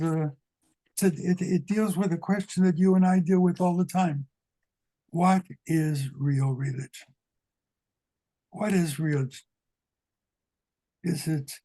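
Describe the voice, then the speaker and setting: An older man, a guest rabbi, teaching a psalm over a video call, asking rhetorical questions in an unhurried way. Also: on the high side, mellow, poor audio. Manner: asks many rhetorical questions, unhurried with pauses. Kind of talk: slow, questioning lesson on a psalm.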